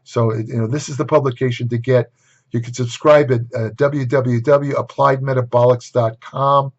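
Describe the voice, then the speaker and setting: A man's voice: mid-range voice, steady tone, moderate pace. An older man giving a casual lecture to camera on nutrition, blunt and opinionated, with exasperated asides. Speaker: nutrition writer and host. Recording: dull lo-fi recording.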